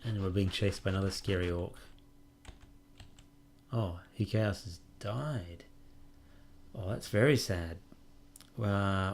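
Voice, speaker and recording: A man's voice: low voice, slow, creaky, long pauses, darkish tone. A man hosting a let's play, casually commenting on a game and reading its prompts aloud with wry musing.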